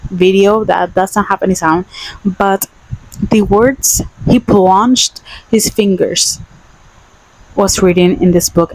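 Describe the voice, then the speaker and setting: A woman's voice: lowish voice, darkish tone, rough recording. A young woman vlogging a casual book review, emphatic and exasperated, repeating her points.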